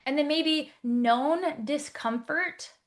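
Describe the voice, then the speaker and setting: Brisk higher-voiced woman coach. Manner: brisk, explanatory, checks in with rhetorical questions. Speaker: life coach. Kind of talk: online workshop teaching.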